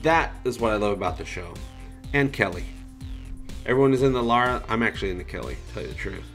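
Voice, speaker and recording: A man's voice: mid-range voice, big pitch swings, quick pace, a bit bright, faint music behind. Man hosting a rambling livestream chat. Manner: rambling, joking, loose. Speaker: livestream host. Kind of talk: casual livestream chat reading viewer comments.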